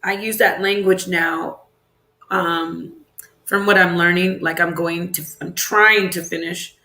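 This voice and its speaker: A woman's voice: lowish voice, fairly even intonation, slow pace, pushed and bright. A woman hosting a casual livestream, chatting loosely, reacting to viewer comments and asking them questions aloud. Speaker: livestream host. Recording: roomy echo.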